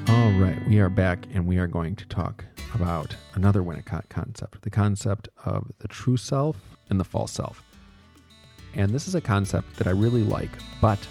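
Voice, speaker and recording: A man's voice: low voice, moderate pace, creaky, warm tone, soft background music. Casual, self-correcting male lecturer. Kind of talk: podcast lecture.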